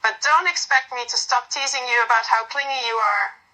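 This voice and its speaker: A woman voicing a fond, teasing young woman who gently comforts a clingy partner in a romantic audio role-play. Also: fairly high pitch, moderate pace, soft background music, rough recording.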